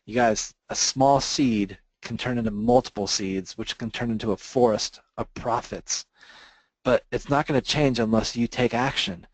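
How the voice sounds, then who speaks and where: A man presenting a webinar, making an emotional sales pitch and choking up as he talks. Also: moderate pace, no room sound, low-quality recording. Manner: earnest, gets choked up telling a story. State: emotional, near tears.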